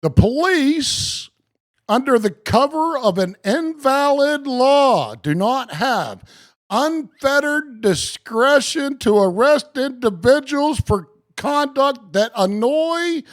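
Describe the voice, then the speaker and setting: Animated, slow-talking male streamer. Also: very high-pitched. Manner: animated, joking, talks to viewers by name; slow, emphatic reading of legal text. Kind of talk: live-stream chat and case-law reading.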